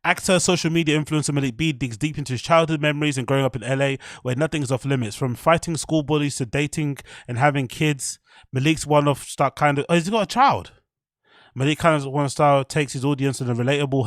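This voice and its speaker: A man's voice: fairly high pitch, fast, dry recording, studio quality. A British man hosting a livestream reaction show, talking bluntly and rambling, with frequent swearing. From United Kingdom. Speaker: livestream host.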